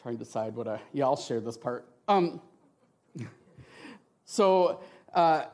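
Middle-aged man, church testimony speaker, passionate, expressive, emotional. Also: mid-range voice, slow pace. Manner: passionate and expressive, often asks "right?". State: tearful at times. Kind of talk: emotional testimony talk with slides.

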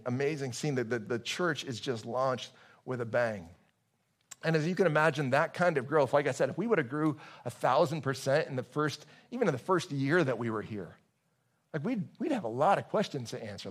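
A man's voice: medium pitch, expressive, fairly quick. A male pastor preaching a casual, joking sermon to his congregation, with many restarts.

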